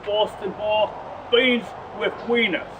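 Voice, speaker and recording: A man's voice: high-pitched, fairly even intonation, takes it slowly, recorded from a distance, heavy background noise. A man hosting a mock-serious cooking demonstration, rambling and joking with slangy asides. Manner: jokey, rambling, drops slangy "mate" and "bloody". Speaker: cooking show host.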